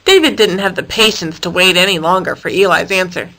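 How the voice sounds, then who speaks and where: A woman narrating a children's storybook in a lively, playful reading voice. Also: on the low side, brisk.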